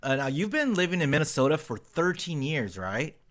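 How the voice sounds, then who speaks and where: Man, podcast host, teasing and joking, bright tone, slightly high voice. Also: big pitch swings, fairly quick. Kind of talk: casual chat.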